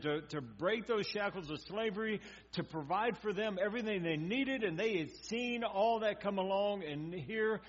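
A man delivers a conversational sermon, voicing quotes and sinking into hushed, earnest passages. His voice sits a little high for a man. The recording is dull and muffled, with a steady mains hum underneath. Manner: conversational preaching, acts out quotes, drops to quiet intensity. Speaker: pastor.

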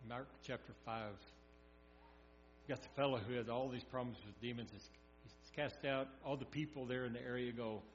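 A man's voice: mid-range voice, steady tone, normal speed. A man preaching a sermon, telling scripture stories in a folksy way and acting them out. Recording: echoey hall, dull sound, mains hum.

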